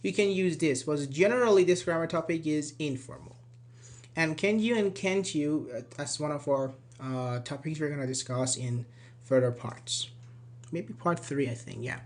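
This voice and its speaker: A man's voice: a little high, normal speed. A man teaching grammar online, explaining tag questions and repeating example sentences to show the intonation. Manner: explanatory, repeats examples with rising and falling tones. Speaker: English teacher.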